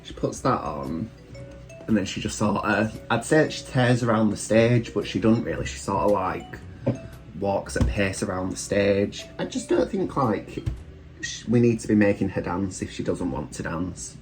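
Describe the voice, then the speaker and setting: A deep-voiced British man rambles cheerfully through his makeup routine, teasing himself along the way. Faint background music plays beneath his relaxed chat at home. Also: normal speed. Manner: chatty, rambling, self-deprecating. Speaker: drag queen vlogger. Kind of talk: casual get-ready-with-me chat while doing makeup. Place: room at home.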